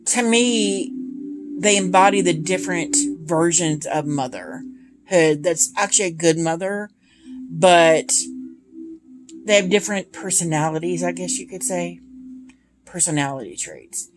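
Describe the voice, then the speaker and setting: Over music, a tarot deck reviewer in her thirties talks in a lowish voice at a measured pace. She's casually chatting and gushing about her decks, with many ums, captured in a noisy home recording.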